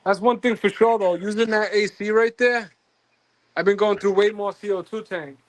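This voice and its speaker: Man, stream host, casual chat, rambling, high voice, dry sound. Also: fairly even intonation, moderate pace, no echo. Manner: rambling, trailing off mid-thought.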